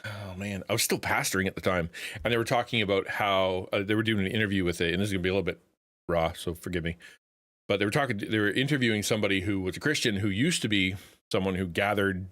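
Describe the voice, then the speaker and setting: Male streamer, lowish voice, loose rambling delivery, dry booth sound. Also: fairly bright tone, no echo. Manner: rambling, many restarts, quick laughs. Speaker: streamer and Christian content creator. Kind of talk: casual live-stream chat.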